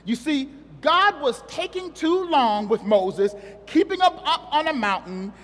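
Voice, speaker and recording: High-voiced joking preacher in a hall. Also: male voice, sing-song, measured pace, a bit bright. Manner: conversational, joking, asks the congregation questions. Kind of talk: sermon.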